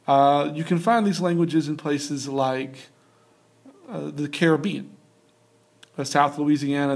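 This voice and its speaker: A man's voice: on the high side, darkish tone. A young adult man giving a casual recorded geography lecture over slides, talking loosely with many fillers and restarts. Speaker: teacher.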